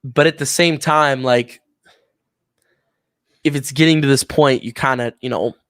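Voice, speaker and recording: A man co-hosting a casual sports talk show, excitable and animated in his storytelling, with plenty of restarts. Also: mid-range voice, measured pace, clear, resonant tone, dry recording, studio quality. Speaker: co-host.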